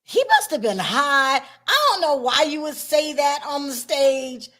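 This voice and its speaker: A woman hosting a casual livestream chat, talkative and expressive, laughing often. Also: high voice, a little slow. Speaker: host.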